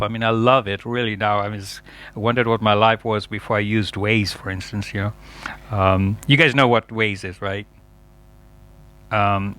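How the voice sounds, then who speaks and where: A man's voice: medium pitch, sharp tone, no echo. Chatty man giving a festival talk. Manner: chatty and digressive, laughing often. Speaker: speaker at a yoga festival. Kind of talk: lecture.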